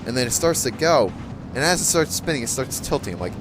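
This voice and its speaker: A man's voice: mid-range voice, very animated, brisk, noisy background. Rambling young man, casual anecdote. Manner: rambling, chuckling, lots of fillers. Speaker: gaming channel host. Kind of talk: casual storytelling over gameplay.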